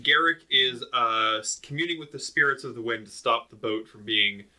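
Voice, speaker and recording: A man's voice: medium pitch, normal speed, sharp tone. A man playing in a tabletop game, joking and bantering casually. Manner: playful, jokey, sing-song banter. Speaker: player.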